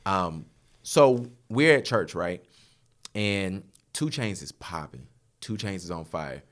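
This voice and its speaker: A man in his thirties, a photographer guest on a podcast, telling stories in an animated, chatty way and laughing often. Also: low-pitched, slow pace. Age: 30s. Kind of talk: casual storytelling chat.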